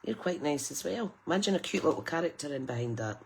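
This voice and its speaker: Fast-talking and expressive, this middle-aged British woman has a low, gravelly voice, with slight background noise behind her. She demonstrates card making on a live stream, chatting and laughing with viewers.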